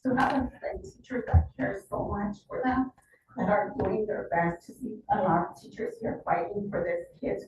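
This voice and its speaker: A woman's voice: mid-range voice, normal speed, darkish tone, slight background noise. A woman speaking as a mother at a school board meeting, emotional and pleading for her child. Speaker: mother speaking at public comment. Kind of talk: public comment. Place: large public meeting hall. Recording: very echoey hall, distant mic, faint ambience.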